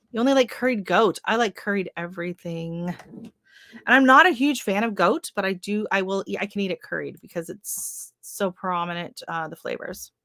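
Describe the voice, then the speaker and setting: A woman's voice: medium pitch, sharp tone, dry recording, clean studio sound. A woman hosting a live stream, chatting casually with viewers, greeting them by name and rambling with lots of fillers. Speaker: livestream host. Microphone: livestream setup.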